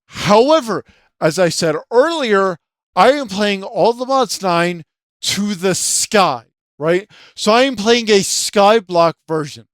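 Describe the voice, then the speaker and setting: Guy with a high voice ranting about a game, swears a lot, rambles, dry close sound. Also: animated, takes it slowly, no room sound. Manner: profane, rambling, leans on filler words and tag questions; keeps his voice down late at night. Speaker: channel host. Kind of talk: ranting video-game commentary.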